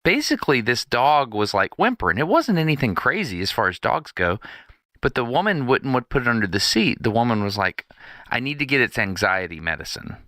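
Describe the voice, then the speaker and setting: In a relaxed podcast chat, a male co-host recounts a story and performs the voices of the people involved. He's mid-range with big swings in pitch, talks fairly fast, and has a fairly bright tone, captured in a dry, clean studio recording.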